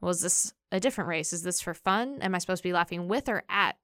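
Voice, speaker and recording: A woman's voice: on the low side, fast, fairly bright tone, no echo, clean studio sound. A young woman in casual discussion, thinking aloud and asking herself questions as she talks. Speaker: discussion participant.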